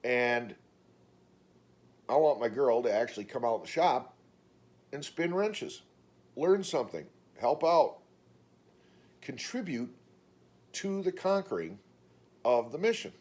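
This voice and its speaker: A man's voice: takes it slowly, pauses often. A middle-aged man talking casually in a vlog monologue, telling stories and mimicking other people in a raised voice. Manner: animated storytelling, mimics others in high voices. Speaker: vlogger.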